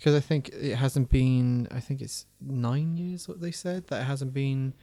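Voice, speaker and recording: A man's voice: medium pitch, steady tone, a little slow, warm tone, no echo. A young man hosting a podcast, chatting casually in a dry, teasing way and laughing easily. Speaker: podcast host. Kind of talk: casual chat.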